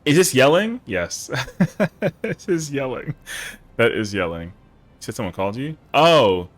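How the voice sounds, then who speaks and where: With a mid-range voice at normal speed and big swings in pitch, a man chats casually while streaming a game. He cracks jokes, curses a lot and feigns outrage, all in a playful, indignant spirit.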